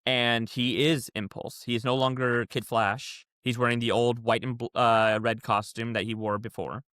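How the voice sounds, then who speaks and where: A man's voice: mid-range voice, flat delivery, moderate pace, a bit bright, smooth, dry recording, studio quality. A man co-hosting a podcast, explaining things in a rambling, casual way. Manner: rambling, explains comic continuity at length. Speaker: podcast co-host. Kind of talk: casual chat.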